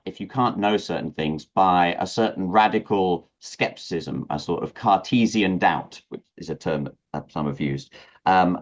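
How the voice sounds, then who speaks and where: A man interviewing a guest, talking in a halting way, searching for words and restarting his sentences. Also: low voice. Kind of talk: hesitant conversational interview. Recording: dull lo-fi audio.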